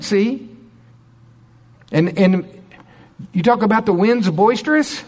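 Middle-aged male pastor, lively storyteller who acts out the people he quotes. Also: takes it slowly, long pauses. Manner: animated storyteller, voices quoted people in a higher pitch. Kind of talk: sermon storytelling.

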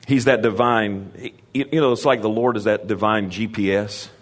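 At a normal speed and with fairly level intonation, the man preaches and invites the congregation to answer back. His pitch climbs for emphasis, and he mixes in informal asides and restarts.

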